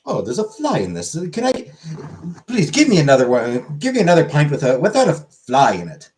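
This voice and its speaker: A man's voice: on the high side, wildly swooping pitch, fairly quick, a little mellow, voice pushed up. A man voicing a prissy, fussy Englishman who complains about his drink in a pub joke.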